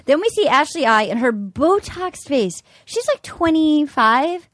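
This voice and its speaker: Lively high-voiced woman chatting. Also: a little slow, dry recording, studio quality. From New England, US. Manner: animated, laughing, profane gossip. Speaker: podcast co-host. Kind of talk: casual podcast chat.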